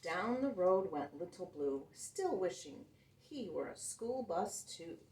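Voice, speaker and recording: Storytime lady reading a kids' book, slow and singsongy, echoey room. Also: on the low side. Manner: sing-song, expressive. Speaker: children's storyteller. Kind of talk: reading a picture book aloud. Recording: roomy sound, mic at a distance.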